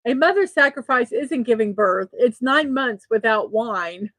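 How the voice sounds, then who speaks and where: A woman's voice: on the high side, expressive, unhurried, a bit bright, dry recording, low-quality recording. A middle-aged woman hosting a daily morning show, chatting casually and laughing at her own jokes. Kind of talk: casual solo show, reading memes aloud.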